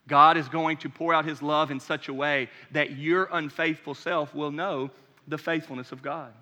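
A man's voice: fairly high pitch, steady tone, normal speed, bright, forceful tone. A man preaching a sermon as pastor, stressing his points by repeating phrases. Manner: preaching with rising intensity, repeating phrases for emphasis. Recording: long hall reverb.

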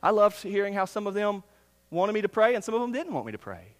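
Pastor preaching in a reverberant hall. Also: male voice, sits high, big pitch swings, quick pace. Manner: earnest, swings from loud emphasis to hushed near-whisper. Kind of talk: sermon. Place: church sanctuary. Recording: long reverb of a church hall.

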